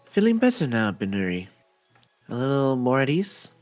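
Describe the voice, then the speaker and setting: A woman voicing a gentle, courtly young man who speaks softly and formally to comfort someone. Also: very deep voice, big pitch swings, moderate pace, dry recording, soft background music, pitched below the performer's own voice. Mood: soothing. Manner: formal, soft-spoken and reassuring. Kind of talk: voicing a visual novel character on stream.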